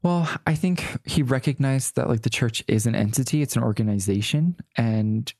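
A young man with a gravelly, creaky voice tells his story as an interview guest. He talks in a chatty, rambling way, with plenty of "like" fillers and the odd sassy aside. The sound is dry and close, with no room echo. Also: mid-range voice, normal speed, a little mellow.

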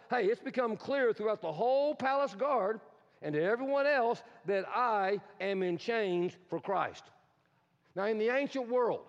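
A high-voiced male pastor preaches with animated energy, often acting out the lines he quotes. His voice carries a long reverb through a church hall. The sound is slightly dull. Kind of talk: sermon. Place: church sanctuary.

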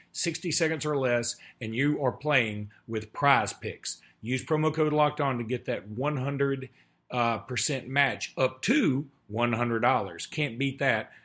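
A man's voice: medium pitch, fairly bright tone, breathy edge. Guy doing podcast ads in a hotel room, mid voice, kinda jokey. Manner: loose joking ad read. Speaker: podcast host reading ads. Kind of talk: ad read.

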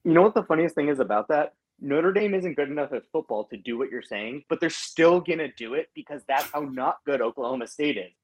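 Husky, lively-voiced man talking football. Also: fairly high pitch. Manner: emphatic, stat-quoting. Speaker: sports podcast co-host. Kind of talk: casual sports betting chat.

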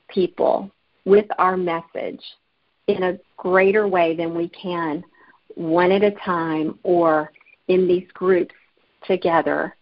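A woman's voice: on the low side, no echo. Woman from Alabama, earnest storyteller, interview guest, muffled lo-fi audio. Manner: earnest, storytelling, laughs easily. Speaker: author and guest. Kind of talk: interview conversation.

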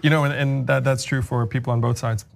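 Guest candidate, male, casual and talky, fillers and restarts, middle pitch. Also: level tone, fairly quick, vocal fry. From United States. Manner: loose and chatty, many fillers and restarts. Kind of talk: casual interview answers.

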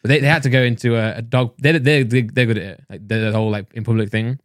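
A young man hosting a casual chat, quick to laugh. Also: medium pitch, fairly even intonation, dry recording, clean studio sound. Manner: laughs a lot, quick reactions.

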